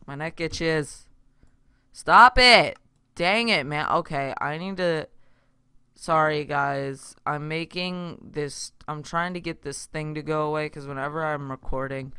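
A man's voice: a little high, fairly even intonation, measured pace, a bit bright, clear, resonant tone, no room sound, studio quality. A young man casually narrating his own game play, rambling and chatty with lots of fillers and self-interruptions. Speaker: gaming YouTuber. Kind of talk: casual Minecraft let's play commentary.

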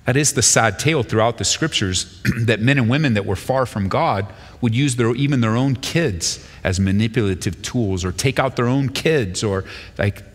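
A male pastor giving a sermon and reading scripture aloud, with an animated delivery that jumps higher in pitch when he quotes speakers. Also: normal speed. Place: church sanctuary. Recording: long hall reverb.

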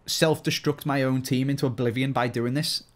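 A man with a Scouse accent from Liverpool, chatting casually as a guest player, thinking out loud and laughing easily. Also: medium pitch, steady tone. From Liverpool, England. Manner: chatty, self-questioning, quick to laugh. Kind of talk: casual gaming chat.

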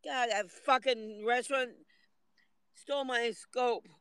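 Very high-voiced man ranting on a livestream. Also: fairly even intonation, slow, a bit bright, clear, resonant tone, no echo, low-quality recording. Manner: aggrieved, complaining, swings into tearful outbursts. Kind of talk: rambling livestream monologue. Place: parked car in hot sun.

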